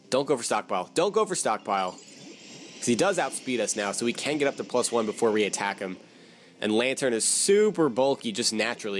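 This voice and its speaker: A young man talks through a video game battle in a casual, self-mocking way. His pitch swings widely and leaps up at surprises. Faint game music plays underneath. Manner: lively, self-mocking, sudden pitch jumps when surprised. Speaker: let's-play commentator. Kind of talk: casual gameplay commentary.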